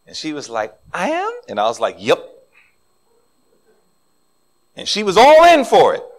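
Animated middle-aged man preaching a sermon. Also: fairly high pitch, fast talker. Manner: animated, acts out quoted voices. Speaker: pastor.

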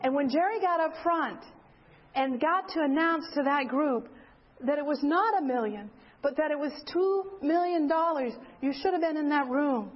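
An older woman giving a sermon, telling a story with lively acted-out quotes. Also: sits high, normal speed. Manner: animated storyteller acting out quotes. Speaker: speaker. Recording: dull lo-fi sound.

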